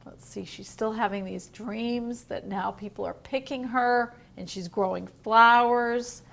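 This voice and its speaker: A woman teacher reading a picture book aloud to young children in a home learning video, gentle and asking the listener questions. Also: on the high side, fairly even intonation, a little slow, vocal fry, slight background noise. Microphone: home video recording.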